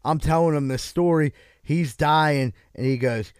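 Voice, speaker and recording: A man's voice: fairly high pitch, measured pace, a little mellow, smooth, dry recording. A man telling a long, profane, rambling story on a podcast and laughing at his own jokes. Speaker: podcast co-host. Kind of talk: casual storytelling.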